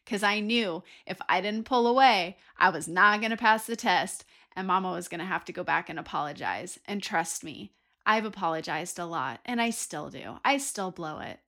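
A woman's voice: mid-range voice, sharp tone. A woman hosting a Christian talk, telling a personal story and acting out her own prayers with earnest feeling. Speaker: podcast host.

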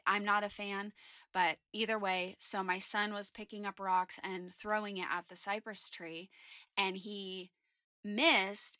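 A woman in her thirties hosting a faith podcast, telling a personal story in a chatty, candid, animated way. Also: mid-range voice, dry recording, studio quality. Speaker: podcast host.

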